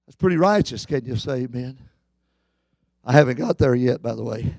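A middle-aged male pastor preaching a sermon, talking then swelling into shouted, chanted climaxes. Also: mid-range voice, animated, normal speed, vocal fry, no room sound.

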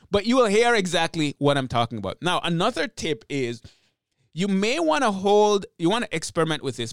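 Man explaining podcasting, smooth clear voice. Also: on the high side, a bit bright, no echo, clean studio sound. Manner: chatty explaining, demonstrates mic technique. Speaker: podcast host. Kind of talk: instructional talk. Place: small home podcast studio. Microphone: podcast microphone with pop filter.

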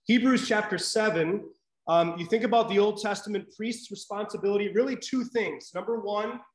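A man's voice: high-pitched, moderate pace, echoey room, poor audio. A man teaching a live Bible class in a conversational way, checking in with "right?" and using many fillers.

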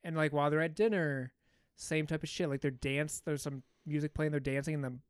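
A man's voice: a little high, fairly even intonation, fairly quick, smooth, no echo, clean studio sound. A man co-hosting a podcast, casually recapping a film in a rambling, profane storytelling way. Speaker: podcast co-host. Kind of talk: casual movie recap chat.

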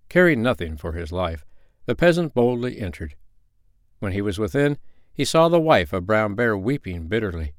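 A man narrating an old-fashioned fairy tale in a measured, expressive reading. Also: lowish voice, no room sound, studio quality. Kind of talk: storybook narration.

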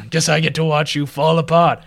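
A man's voice: a little high, steady tone, unhurried, creaky, fairly bright tone, heavily acted. A man voicing a spiteful captive who taunts the heroes with scorn. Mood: mocking.

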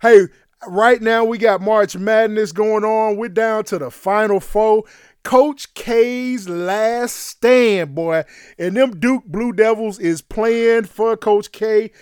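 A man co-hosting a casual sports talk show, with energetic, slangy banter and a quick laugh. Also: sits high, clear, resonant tone, no echo, clean studio sound. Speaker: co-host.

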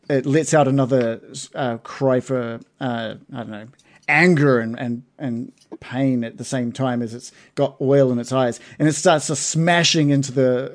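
A man narrating as game master of a tabletop game, hesitant, with many fillers and restarts. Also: medium pitch.

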